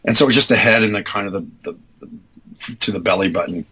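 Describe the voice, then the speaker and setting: A man in his fifties, a guest telling a long story in a relaxed, rambling way, acting out what people said with sudden high-pitched voices. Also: fast, a little hiss or hum, rough recording. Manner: acts out quoted dialogue with big jumps in pitch; rambling, self-correcting, many fillers. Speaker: interview guest. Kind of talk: casual anecdotal storytelling.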